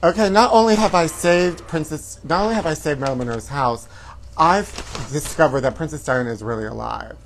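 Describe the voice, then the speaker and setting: A man's voice: fairly high pitch, fairly quick, gravelly, a little hiss or hum. Campy male host, flamboyant gossip delivery, says honey a lot. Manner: flamboyant, calls viewers honey. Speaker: comedy show host.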